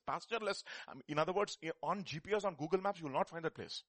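A man preaching a sermon. He swings between loud, emphatic declarations and quiet, low asides, often restarting and repeating his phrases. The sound is close and dry. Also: animated, racing, hardly any pauses, slightly rough, no room sound.

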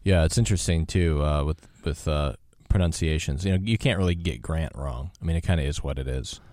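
A man's voice: rumbling low, a little fast, dry recording. A man hosting a live radio talk show in a studio, chatting casually with many fillers. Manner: relaxed, rambling, many fillers.

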